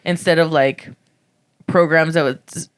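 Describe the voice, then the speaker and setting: A woman's voice: deep voice, steady tone, moderate pace, clean tone, no echo. A young woman co-hosting a podcast, telling rambling stories full of "like" and swear words. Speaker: podcast co-host. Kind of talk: casual chat.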